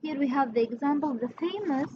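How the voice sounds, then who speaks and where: A woman's voice: sits high, animated, a little fast, muffled recording, noisy background. A woman English teacher, explaining grammar step by step in a patient way and calling her students "my dear". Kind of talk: classroom revision lesson.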